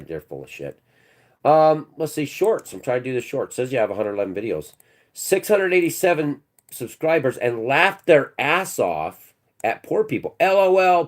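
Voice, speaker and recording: A man hosting his own channel, ranting and mocking a commenter in a scornful, profane way. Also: medium pitch. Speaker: channel host.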